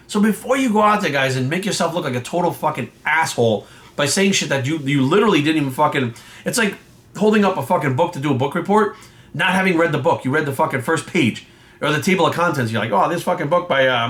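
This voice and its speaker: A fast-talking man tears into his critics, swearing constantly and sounding heated and confrontational. His voice sits a little high for a man, and he speaks like a bodybuilding coach and judge addressing his audience. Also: a bit bright. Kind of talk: profane ranting vlog monologue.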